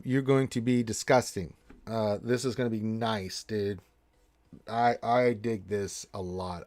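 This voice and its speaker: A man's voice: on the low side, a little mellow, no room sound. A man co-hosting a gaming livestream, giving casual, laid-back advice to viewers and calling them dude and man. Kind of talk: casual chat, reading viewer questions.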